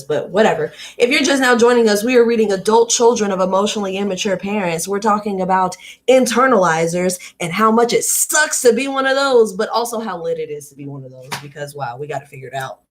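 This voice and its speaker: A woman's animated, brisk mid-range voice, with slight background noise, hosts a live read-aloud stream. She reads a book and chats candidly with viewers, conversational and prone to riffs and asides directed at them.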